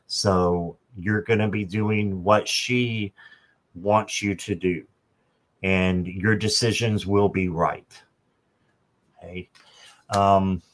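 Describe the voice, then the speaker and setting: A man hosting a live stream, giving a gentle, reassuring tarot reading card by card. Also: on the low side. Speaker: tarot reader and channel host.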